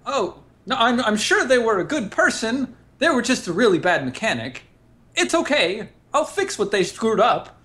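A man's voice: very high voice, big pitch swings, moderate pace, sharp tone, voice pushed up, exaggerated voice. A man voicing a blunt, cheerful male ship mechanic in a tabletop game. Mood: breezy. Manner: tactless, cheerful.

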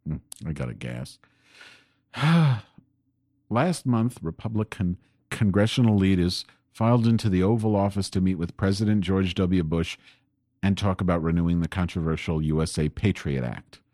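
Male host, very low voice, rambling profane political rant at his home desk. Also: expressive, normal speed, warm tone, no echo, clean studio sound. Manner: rambling, profane and increasingly angry. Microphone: desk microphone pointed at keyboard.

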